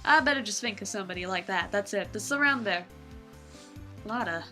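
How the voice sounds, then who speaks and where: A woman's voice: medium pitch, animated, brisk, pushed and bright, soft background music. A woman hosting a let's play, reading game text aloud with playful, wry asides.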